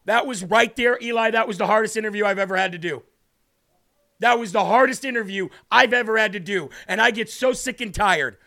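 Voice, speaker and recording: A man's voice: high voice, a little fast, vocal fry, bright, forceful tone. A man hosting a live-streamed political talk show, fiery and indignant, repeating himself and reading chat comments aloud.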